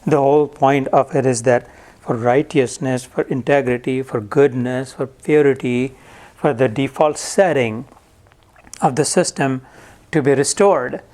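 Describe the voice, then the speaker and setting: A man's voice: mid-range voice, measured pace, darkish tone. Man explaining scripture word by word. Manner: conversational, explains Sanskrit verses word by word. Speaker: Gita teacher. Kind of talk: spiritual lecture to a live audience.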